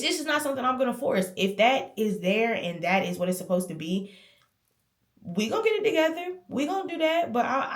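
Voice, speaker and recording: A woman in her twenties talking candidly and emphatically to camera in a casual vlog. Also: mid-range voice. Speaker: lifestyle vlogger. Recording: roomy echo.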